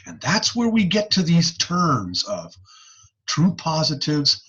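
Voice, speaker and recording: A man teaching audiology in a recorded online lecture, folksy and animated, checking in with "okay?" as he goes. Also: fairly high pitch, slow pace, husky, dull audio.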